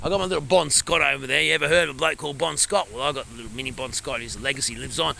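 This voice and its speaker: Australian man, rambling comic bushman monologue, gravelly voice, noisy outdoor recording. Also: mid-range voice, racing, pushed and bright. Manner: broad larrikin bushman, rambling, laughing. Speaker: comedy character vlogger.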